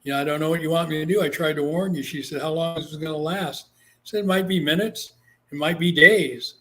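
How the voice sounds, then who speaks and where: A man from Guam who works as a psychic medium tells a story in a casual interview, speaking fairly quickly with a fairly high pitch. He's animated and acts out the voices of the people he quotes.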